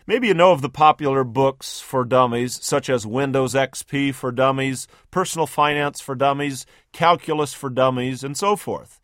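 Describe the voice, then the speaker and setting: A man's voice: medium pitch, normal speed, fairly bright tone, no echo, clean studio sound. Male radio preacher telling a story. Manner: vivid storytelling, second-person, emphatic. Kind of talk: dramatic scripted sermon narration.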